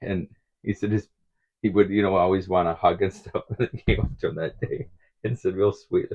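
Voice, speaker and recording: A man's voice: low-pitched, normal speed, muffled recording. A middle-aged man telling rambling stories in a casual vlog, chuckling often as he talks. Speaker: vlogger.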